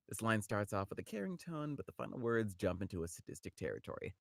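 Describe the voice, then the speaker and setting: A man co-hosting a podcast, chatting casually and laughing often, breaking into loud shouted audition lines. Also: lowish voice, fast, vocal fry, hardly any pauses, dry recording, clean studio sound. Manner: animated, laughs often, bursts into shouted character reads. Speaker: podcast co-host, voice actor. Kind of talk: casual chat with live audition reads.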